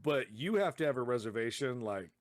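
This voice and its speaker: Male co-host, middle pitch, dry mic, loose profane banter. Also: fairly quick, no room sound. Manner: animated storytelling with profanity. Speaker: podcast co-host. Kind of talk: casual chat.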